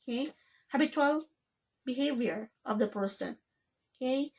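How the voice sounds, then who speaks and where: A woman teaching an English grammar lesson. Her voice sits a little high. She keeps checking in with "okay?" after almost every phrase. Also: measured pace, a little mellow, slightly rough.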